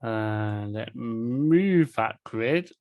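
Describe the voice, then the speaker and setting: Slow, hesitant man playing a tabletop game. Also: mid-range voice, animated, a little mellow, dry recording, studio quality. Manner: hesitant, lots of uh's. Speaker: player. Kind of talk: casual tabletop play.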